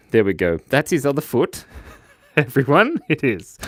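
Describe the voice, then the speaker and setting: A playful man runs a live drawing lesson for kids, reading chat aloud and cracking jokes as he sketches. His voice swings lively up and down. The sound is dry and close. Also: mid-range voice, creaky, no echo. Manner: playful, jokey, animated, reads chat aloud. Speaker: drawing show host.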